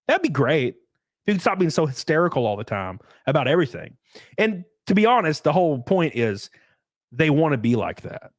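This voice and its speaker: A man's voice: fairly high pitch, big pitch swings, fairly quick, dry recording, clean studio sound. A man chatting casually on a solo livestream, rambling and swearing, acting out the people he quotes. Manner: rambling, profane, acts out quoted people, laughs often. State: out of breath. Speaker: streamer.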